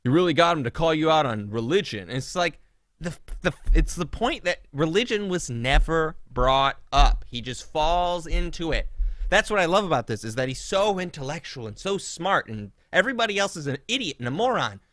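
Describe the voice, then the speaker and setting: A young man tears into his subject on a podcast in a mocking, sarcastic rant. His voice is bright and his pitch leaps around. The sound is dry and close, with no room in it. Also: moderate pace, dry recording. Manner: animated, mocking, swings into loud sarcastic outbursts. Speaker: podcast co-host. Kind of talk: casual comedic rant.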